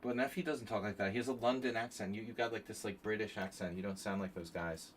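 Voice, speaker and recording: A chess streamer with a fairly low voice talks fast as he plays blitz on a live stream, muttering his moves aloud. He thinks out loud and chats with viewers, with slight background noise in the recording.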